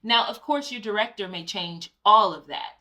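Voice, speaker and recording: Woman co-host, bright and forceful tone, casual advice chat, personal anecdotes. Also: medium pitch, animated, moderate pace. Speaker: co-host, Broadway actor.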